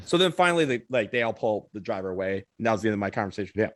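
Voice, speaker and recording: A man co-hosting a podcast, telling a story in an animated, casual way and swearing now and then. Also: lowish voice, rapid-fire, hardly any pauses, no echo, clean studio sound. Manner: animated, swears, acts out others' lines. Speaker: podcast co-host.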